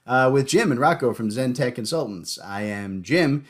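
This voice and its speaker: A man hosting a podcast in casual chat, joking and animated, often stumbling and repeating words. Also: medium pitch, moderate pace, hardly any pauses, soft background music. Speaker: podcast host.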